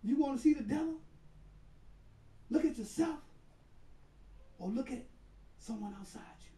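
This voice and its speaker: A man, an imam, telling a story in a conversational sermon with emphatic, sudden loud bursts. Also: very high-pitched, lively intonation, measured pace, long pauses. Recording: roomy hall, voice far from mic.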